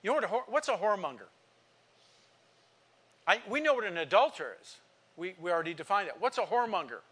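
A man's voice: high-pitched, sing-song, fast, a bit bright, slightly rough. A man preaching a sermon to a congregation, emphatic and asking rhetorical questions. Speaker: pastor.

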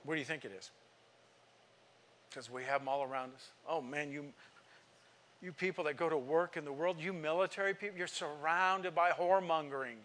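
A man's voice: fairly high pitch, fairly even intonation, moderate pace, pauses often, a bit bright. A man preaching a sermon to a congregation, emphatic and asking rhetorical questions. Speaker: pastor.

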